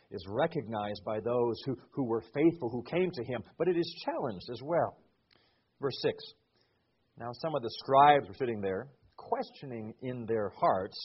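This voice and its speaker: A man's voice: fairly high pitch, husky, dull audio. A man preaching a sermon. His cadence rises and falls, and he repeats words as he builds a point. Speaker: pastor.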